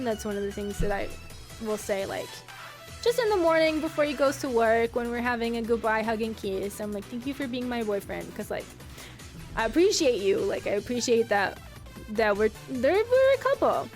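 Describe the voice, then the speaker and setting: High-voiced young woman telling a story. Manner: rambling, giggly, many restarts. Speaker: streamer. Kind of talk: casual storytelling to chat.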